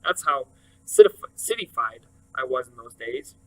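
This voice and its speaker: A man reading a novel aloud in steady, first-person storytelling narration. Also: mid-range voice, measured pace, low-quality recording. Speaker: reader.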